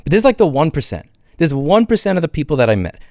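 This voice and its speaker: A man's voice: on the high side, sing-song, darkish tone, dry recording, studio quality. A man ranting hard on his own video channel, indignant and swearing as he talks. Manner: indignant, profane, fast ranting. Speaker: channel host. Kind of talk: angry vlog rant.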